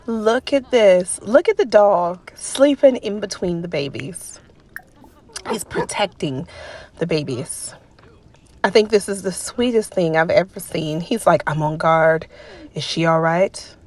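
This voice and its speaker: A woman hosting a let's play, commenting on the game in an exasperated, animated way and talking to the characters on screen. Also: medium pitch, measured pace. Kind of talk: gameplay commentary.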